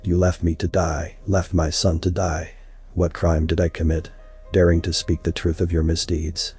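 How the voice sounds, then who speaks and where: A man's voice: flat delivery, normal speed, warm tone, soft background music. A man voicing a vengeful, mocking human man who confronts a god, in a story reading. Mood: bitter. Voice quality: deep husky voice. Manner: mocking and bitter.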